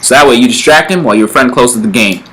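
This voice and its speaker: A man's voice: medium pitch, fast talker, sharp tone, poor audio. A young man hosting a casual comedy vlog, explaining dating rules in loose, filler-heavy bro talk. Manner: laid-back bro talk, filler-heavy, acts out little scenes. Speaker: vlog host giving dating advice.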